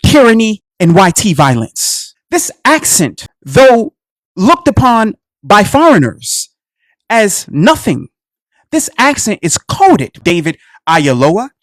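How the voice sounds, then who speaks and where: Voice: mid-range voice, sing-song, slow pace, no room sound, studio quality. A radio show host delivering a heated solo commentary, preaching to listeners he calls family, repeating phrases and firing rhetorical questions.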